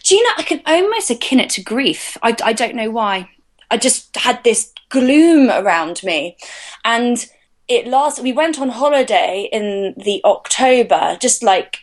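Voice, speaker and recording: A woman's voice: on the high side, animated, moderate pace. Woman in her 30s, interview guest, candid and rambling with fillers. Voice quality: chatty, hesitant, many fillers and restarts. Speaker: podcast guest. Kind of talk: candid personal storytelling.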